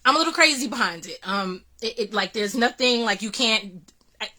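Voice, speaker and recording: A woman's voice: on the high side, lively intonation, normal speed, pushed and bright. A woman vlogger earnestly recounting a personal experience, full of restarts and fillers. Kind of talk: personal storytelling vlog.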